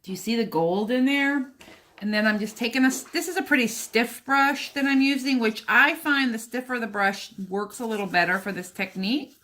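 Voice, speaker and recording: At a moderate pace, a craft vlogger with a fairly high, fairly bright voice talks the viewer through sewing and painting. Her manner is casual and chatty as she works.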